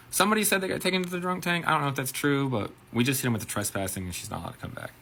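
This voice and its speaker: A man's voice: medium pitch, very fast, gravelly, hardly any pauses. A man, a bartender and manager, telling a profane story-time anecdote and acting out the quotes. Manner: profane, animated retelling with acted quotes.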